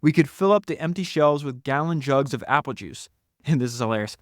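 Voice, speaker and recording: A man hosting a solo podcast, talking enthusiastically through book passages with frequent laughs and quick asides. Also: medium pitch, dry recording, studio quality. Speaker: podcast host.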